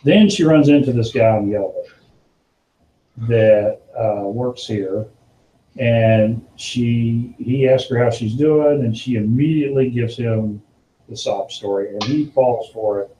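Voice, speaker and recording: A man hosting a podcast, casually telling an animated story and now and then putting on a higher voice for the people in it. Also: a little slow, echoey room, slight background noise, rough recording. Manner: animated storyteller, acts out quotes in a higher voice, laughs often. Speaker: podcast host.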